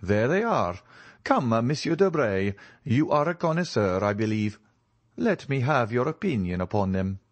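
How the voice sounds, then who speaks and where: A man reading an audiobook and voicing a suave, ironic nobleman count with a smooth, measured, faintly mocking delivery. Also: medium pitch, sing-song, no echo, close to an everyday voice. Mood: courteous.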